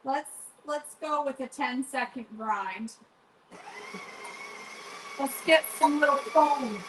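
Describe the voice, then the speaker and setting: Chatty middle-aged woman, home cooking vlogger, teasing and fairly high-pitched. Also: slow, noisy background. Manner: chatty, teasing, talks to viewers by name. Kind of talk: casual chat while cooking. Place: home kitchen.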